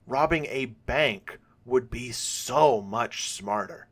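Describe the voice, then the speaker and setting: A man's voice: medium pitch, slow. A man reading as a bold scheming young woman.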